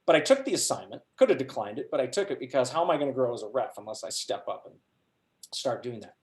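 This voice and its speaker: A man's voice: mid-range voice, quick pace. Middle-aged man telling a story, roomy echo. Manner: animated anecdote with frequent laughs. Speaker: workshop presenter. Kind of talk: storytelling talk to a group.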